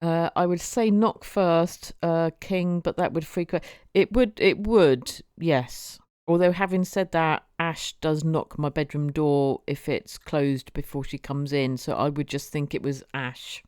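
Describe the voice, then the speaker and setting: A woman's voice: sits low, steady tone, unhurried, hardly any pauses, darkish tone, clean tone, no room sound, studio quality. A woman streaming, chatting casually with viewers and often repeating her words as she goes. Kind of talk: casual live-stream chat.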